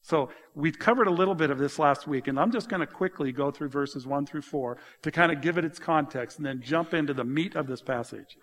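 A man preaching a sermon as pastor, explaining scripture and telling animated stories with emphatic, lively delivery. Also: a little high, a little fast, few pauses, long reverb tail.

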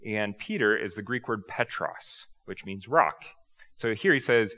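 A male pastor giving a casual, conversational sermon, firing off rhetorical questions and poking fun at himself. His voice sits low but rings bright and forceful. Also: lively intonation, unhurried.

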